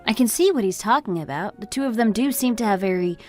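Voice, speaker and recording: A woman voicing a caring young wife who speaks softly and with concern. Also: medium pitch, animated, fast talker, faint music behind, natural voice.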